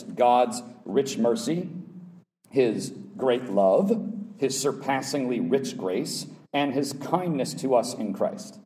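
A man preaching as a pastor in a church Bible class, emphatic, with his voice rising to loud high peaks and dropping to quiet low asides. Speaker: pastor teaching adult Sunday school. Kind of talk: sermon-style Bible teaching. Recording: voice picked up from a distance off the mic.

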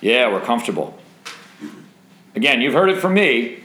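A man's voice: medium pitch, very animated, normal speed, fairly bright tone. Man teaching a Bible study, roomy echo. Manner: conversational, asks the group questions and jokes. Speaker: young singles Bible study leader.

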